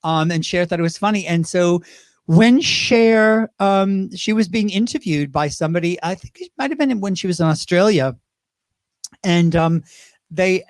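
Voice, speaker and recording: A man from Great Britain, a drag performer, telling animated stories in an interview, laughing and slipping into quick impressions. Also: high voice, no room sound. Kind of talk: casual interview storytelling.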